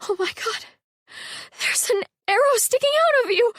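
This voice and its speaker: Halla, a woman doing a high frantic housekeeper. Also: moderate pace, no room sound. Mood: indignant frantic. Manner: high-pitched, excitable, indignant. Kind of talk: audiobook character voice.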